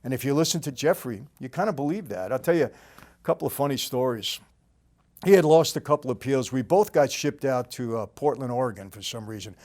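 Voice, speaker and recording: An older man with a New York accent telling a story in a casual, plain-spoken way, often trailing off quietly at the end of a sentence. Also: animated, fairly quick. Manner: conversational, plain-spoken, drops to a low murmur at line ends. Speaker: storytelling host.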